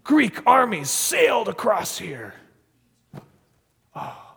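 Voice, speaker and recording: A man's voice: high voice, slow pace, vocal fry, slightly rough, big-room sound. A man from the United States telling a story casually, full of fillers and frequent laughter. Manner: animated, laughs often, many fillers. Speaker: missionary storyteller.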